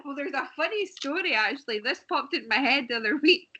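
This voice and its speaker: A woman chats as a guest, telling animated stories and breaking into laughter often. Her voice sits a little high and sounds bright and forward. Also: quick pace. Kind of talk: casual chat.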